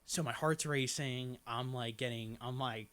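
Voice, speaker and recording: A man's voice: mid-range voice, unhurried, fairly bright tone. A young man, a podcast guest, telling a story in casual chat, rambling and full of "like" and swearing. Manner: rambling, lots of "like", swears freely.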